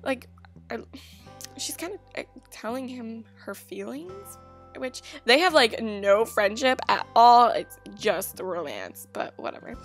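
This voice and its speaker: A woman's voice: fairly high pitch, very animated, unhurried, faint music behind. A young woman in casual let's-play commentary, bubbly and gushing as she chats to her viewers. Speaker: gaming YouTuber.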